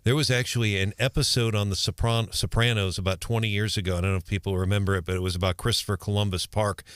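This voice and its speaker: A man's voice: fairly low pitch, steady tone, fast talker, clean tone, no room sound. A man chatting casually as a radio co-host. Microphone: studio microphone.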